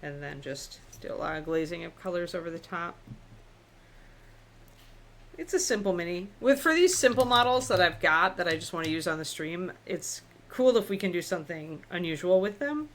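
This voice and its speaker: A miniature painting instructor talks through her work on a live-stream tutorial, relaxed and chatty, thinking aloud as she paints. Her voice is fairly low with a moderate pace.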